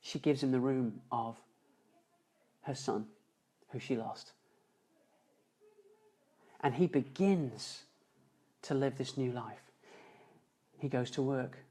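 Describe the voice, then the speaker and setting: A man telling an emotional story as a motivational speaker on a live stream, earnest, slowing and dropping softer for emphasis. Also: medium pitch, rough recording. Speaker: motivational speaker and seminar founder. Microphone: phone or webcam on a live stream.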